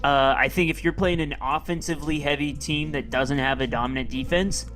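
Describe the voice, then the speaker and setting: A man co-hosting a sports podcast, thinking aloud hesitantly with many pauses. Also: a little high, steady tone, fairly bright tone, faint music behind. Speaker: podcast co-host. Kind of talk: casual sports chat.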